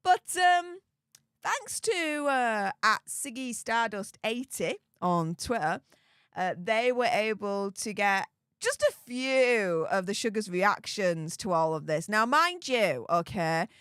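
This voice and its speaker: A woman hosts a casual commentary vlog, mocking what she reads out and exclaiming as she goes. Her voice sits a little high and swings widely in pitch. The sound is dry and close, with no room around it. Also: fairly bright tone, no room sound. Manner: sarcastic and mocking, exclaiming often. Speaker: commentary channel host.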